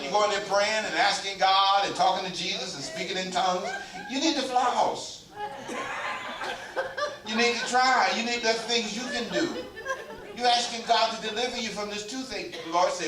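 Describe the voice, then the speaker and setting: Male pastor, fairly high voice, preaching with humor and call-and-response, picked up from afar in a roomy church. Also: brisk, a crowd in the background. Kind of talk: sermon. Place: church sanctuary. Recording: echoey church hall, mic far off.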